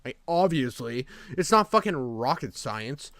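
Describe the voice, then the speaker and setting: Male streamer, mid pitch, smooth clear voice in a dead-dry space, sarcastic, profane reaction rant. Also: very animated, unhurried, fairly bright tone, no echo. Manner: blunt, sarcastic, swears constantly. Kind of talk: casual profane commentary rant.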